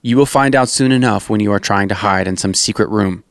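A man's voice: fairly low pitch, brisk, no echo, studio quality, lightly acted. A man reading a solemn, defiant prophet. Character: steadfast, defiant male prophet.

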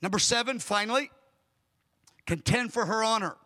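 A man's voice: sits high, moderate pace, sharp tone. A man preaching a sermon as a pastor, emphatic, acting out dialogue as he tells stories. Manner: emphatic, acts out dialogue in storytelling.

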